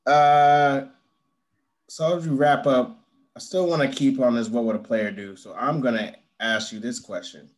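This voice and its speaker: A man hosting a casual podcast chat, relaxed, steering the segments and reading out listener questions. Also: mid-range voice, unhurried. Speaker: podcast host.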